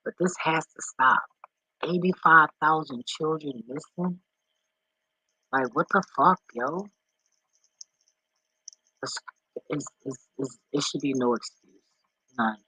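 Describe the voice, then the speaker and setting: A man's voice: on the high side, takes it slowly, long pauses, bright, forceful tone, husky, no room sound, low-quality recording. A man, vlogging casually from home, emotional and swearing, talking to his dogs. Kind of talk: casual reaction vlog. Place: indoors at home.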